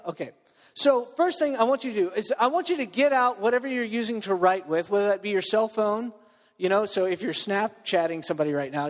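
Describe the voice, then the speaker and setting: A man from Texas gives a loose, joking sermon to a student crowd while fighting a cold, stumbling through restarts and fillers. His voice sits high for a man. It rings out with a long reverb through a large room. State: under the weather with a cold. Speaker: preacher. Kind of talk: casual sermon to a student group.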